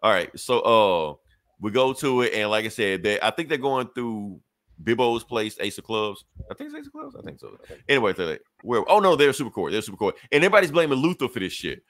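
A man in a casual podcast chat, swinging his pitch widely as he retells a story. He drops into the characters' voices and swears freely. His voice sits close and dry on the mic, with no room sound. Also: quick pace, no room sound. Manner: animated storyteller, acts out characters' lines, profane slang. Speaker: podcast co-host reviewing comics.

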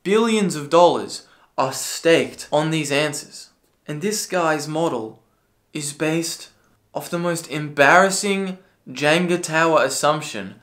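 A man delivering a ranting commentary video, sarcastic and profane, now and then bursting into yelling. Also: on the high side, takes it slowly. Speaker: political commentary video creator.

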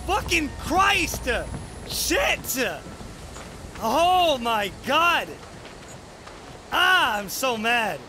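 A man doing excitable horror game commentary, loud and full of swearing. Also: very high-pitched, extremely slow, pauses often, a little hiss or hum. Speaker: gaming video creator.

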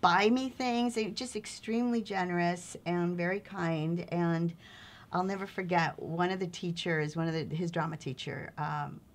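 A middle-aged woman with a fairly low voice, recalling her acting career in a casual interview. She tells her stories in a lively, animated way and laughs easily between memories. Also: moderate pace. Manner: animated, lively storyteller who laughs often. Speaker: actress and showrunner guest.

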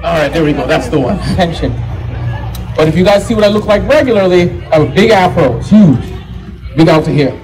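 A man in his thirties hosting a live comedy show, loud and playful, laughing through his lines. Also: a little high, lively intonation, fairly quick, music in the background, a crowd in the background, poor audio. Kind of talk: stand-up comedy. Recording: live show with audible audience.

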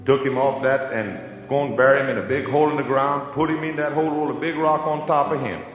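A man's voice: medium pitch, steady tone, fast, highs cut off. A man with a Cajun accent telling a comic story in a folksy drawl. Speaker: comedian. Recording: echoey hall with music.

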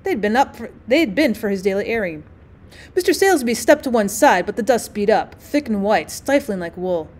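A woman teacher reading a classic short story aloud as an audiobook, voicing the dialogue expressively, with an occasional slip and restart. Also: moderate pace. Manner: expressive, voices the dialogue with small pitch shifts.

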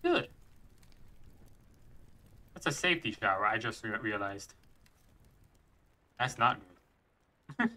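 A man's voice: fairly low pitch, expressive, measured pace, pauses often, pushed and bright. A man streaming a video game and thinking aloud as he plays, chuckling and restarting his sentences. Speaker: gaming streamer. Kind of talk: let's play commentary.

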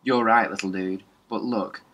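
A man voicing a steady, easygoing teenage boy who talks his friends down calmly. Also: on the low side, normal speed. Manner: easygoing, reassuring. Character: steady teenage boy, the group's calm leader.

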